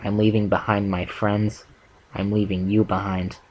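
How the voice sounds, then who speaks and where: A man's voice: on the low side, flat delivery, moderate pace, a little mellow, close to an everyday voice, rough recording. A man voicing a blunt, remorseful tomboy female pony in an amateur fanfic reading, in a plain, subdued voice. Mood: regretful.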